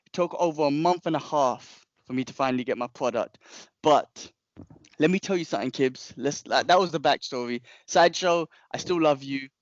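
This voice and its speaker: A young man, a podcast co-host telling a long story in casual chat, animated and rambling, with frequent restarts and slang. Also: a little high, moderate pace, dry recording, lo-fi sound.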